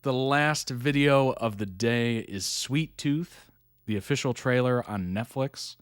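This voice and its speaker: A man's voice: medium pitch, slow, smooth, no echo, clean studio sound. A middle-aged man hosting a reaction video, chatting in an easygoing way and laughing often. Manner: reads article text aloud plainly. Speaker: reaction channel host. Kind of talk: casual reaction commentary.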